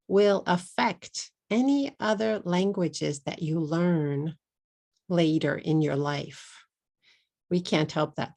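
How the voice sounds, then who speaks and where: Slow, gravelly Texan teacher woman. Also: sits low, darkish tone. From Texas. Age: middle-aged. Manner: slow, deliberate, repeats words for learners. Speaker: English teacher. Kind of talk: English pronunciation lesson for Japanese learners.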